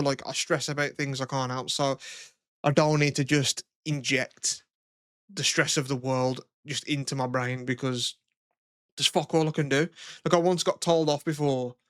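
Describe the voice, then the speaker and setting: A young man talking casually on a podcast, rambling and cursing as he acts out past conversations. His voice sits fairly high for a man. The sound is dry and close, with no room echo. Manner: rambling, swears a lot, animated retelling. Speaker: podcast co-host. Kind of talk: casual chat.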